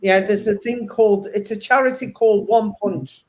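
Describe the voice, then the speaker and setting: A woman's voice: mid-range voice, fairly even intonation, normal speed, darkish tone. A woman hosting a casual chat, speaking earnestly and moralizing. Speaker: host.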